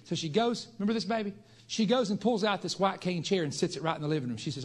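A preacher man telling a folksy testimony to a congregation, building into shouted fervor. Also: fairly high pitch, expressive, rapid-fire, few pauses.

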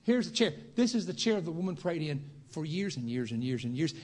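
A preacher man telling a folksy testimony to a congregation, building into shouted fervor. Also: fairly high pitch, sing-song, a little fast.

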